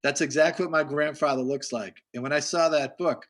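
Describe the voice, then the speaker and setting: A man's voice: a little high, fairly even intonation, brisk, fairly bright tone. A man hosting a casual video call, telling rambling stories to kids with lots of restarts. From Massachusetts. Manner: rambling storyteller, restarts often. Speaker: host.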